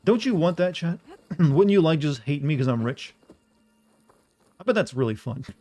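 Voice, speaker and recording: A man streaming a video game, chatting casually to his viewers in a flat, deadpan way. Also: a little high, moderate pace, soft background music. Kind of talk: casual live-stream commentary.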